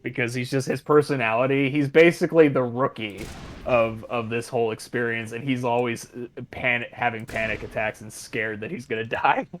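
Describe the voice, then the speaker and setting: A man's voice: mid-range voice, steady tone, normal speed, a little hiss or hum. A man talking casually with a friend over a voice call, rambling and repeating himself with frequent laughs.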